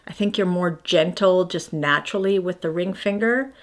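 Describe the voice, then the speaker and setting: A woman's voice: lowish voice, moderate pace. A woman in her fifties chatting casually through her morning skincare routine, rambling and self-deprecating as she shows each product. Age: 50s. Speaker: beauty vlogger.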